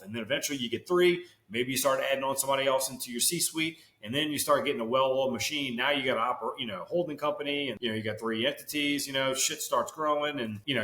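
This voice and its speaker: A man telling his business story as an interview guest, energetic and emphatic, often saying "man" and "you know". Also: mid-range voice, reverberant. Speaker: business owner and investor guest.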